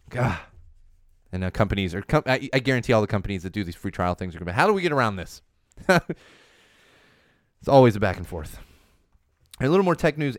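A man in his thirties hosting a casual news chat podcast, animated and rambling, full of asides. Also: lowish voice, no echo, clean studio sound. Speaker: podcast host.

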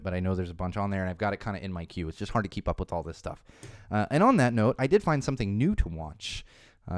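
Fast-talking sarcastic man, smooth dry voice. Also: on the low side, no room sound. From Chicago area, USA. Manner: rambling, sarcastic, ranting. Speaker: podcast host. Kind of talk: casual solo podcast chat.

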